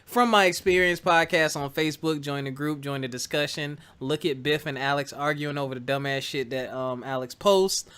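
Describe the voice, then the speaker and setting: A man's voice: on the high side, moderate pace, few pauses, a bit bright, clear, resonant tone. A man hosting a podcast in casual chat, joking and bantering playfully. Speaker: podcast host.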